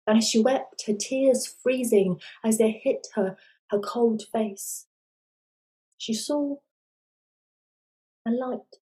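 A woman telling a folk tale in a soft, dramatic storybook narration. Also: fairly high pitch, slow pace, pauses often, poor audio.

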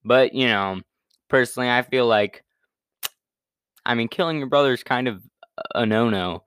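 A man's voice: mid-range voice, normal speed, fairly bright tone, clear, resonant tone, dry recording, studio quality. A young man casually retelling a Bible story in a laid-back, slangy way, full of fillers and restarts.

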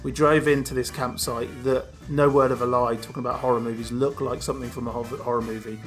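A man's voice: mid-range voice, little pitch movement, fast talker. British guy podcast host, rambly chatty storytelling, faint music under. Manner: chatty, laughs easily, rambling asides. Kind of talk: casual chat, storytelling.

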